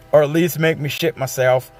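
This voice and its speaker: A man in his forties, a streamer, ranting bluntly and casually, swearing and circling back with restarts. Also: on the high side. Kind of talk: casual rant.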